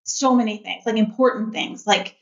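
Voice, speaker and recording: A woman's voice: fairly high pitch, normal speed. A middle-aged woman guest telling a personal family story in an earnest, candid way, with many fillers. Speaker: podcast guest, mother. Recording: roomy, dull-sounding audio.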